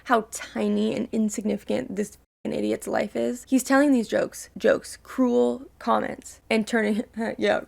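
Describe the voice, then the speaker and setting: A young woman talks through her reaction to a show in casual, heartfelt commentary, ranting and swearing as she goes. Her voice sits a little high and carries a strong gravelly fry. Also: darkish tone. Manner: emotional, ranting, swears freely. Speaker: reaction video host.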